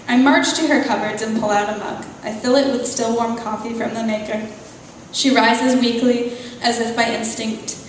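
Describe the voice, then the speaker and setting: A woman author reading a passage of her novel aloud at a live event, at a measured, unhurried pace. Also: a little high, a little hiss or hum. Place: event venue, indoors. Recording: echoey hall, voice far from mic.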